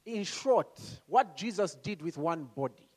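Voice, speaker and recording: A man preaching a sermon. He talks calmly and slowly, then rises to loud calls, asking the congregation questions and acting out voices. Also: high-pitched.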